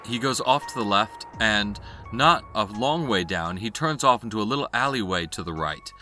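A man's voice: on the low side, lively intonation, moderate pace, bright, forceful tone, soft background music. Man narrating a tabletop game. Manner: descriptive, with fillers like uh and um. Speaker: game master.

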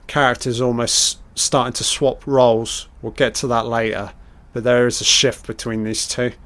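A man's voice: mid-range voice, flat delivery, moderate pace, fairly bright tone. A man giving a casual, sweary, jokey film commentary, often acting out the characters' lines in a put-on voice.

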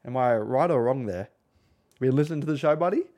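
A man's voice: medium pitch, animated, fairly quick, mellow. A man with an Australian accent hosts a casual podcast. He rambles through asides and swears freely. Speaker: podcast host.

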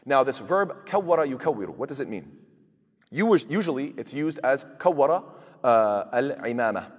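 A man's voice: mid-range voice, very animated, normal speed, slightly rough, big-room sound, lo-fi sound. A man teaching Quran tafseer, explaining verses with rhetorical questions and frequent fillers. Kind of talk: tafseer lecture.

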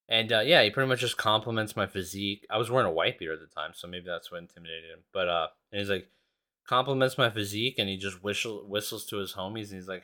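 Male podcast host telling stories off the cuff: low-set voice with a forceful, bright edge, swears freely and rambles. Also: fast talker. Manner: profane, rambling, animated. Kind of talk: casual storytelling.

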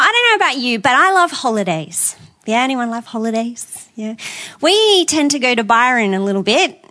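A woman's voice: sits high, a bit bright. An Australian woman giving a sermon as a guest speaker, chatty and often asking the congregation questions. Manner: conversational, asks the audience questions.

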